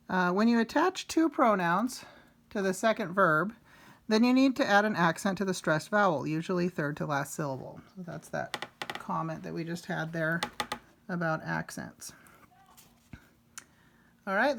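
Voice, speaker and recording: Female language teacher, mid-pitched, recorded lesson, patient step-by-step explainer. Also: a bit bright. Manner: explains step by step, repeats examples. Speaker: Spanish teacher.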